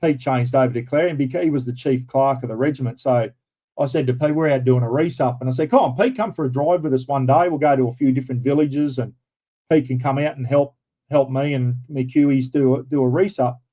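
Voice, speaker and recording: A man's voice: medium pitch, brisk, mellow. A middle-aged Australian man hosting a stream, telling rambling army stories in casual chat and swearing freely. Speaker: livestream host. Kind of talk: casual storytelling.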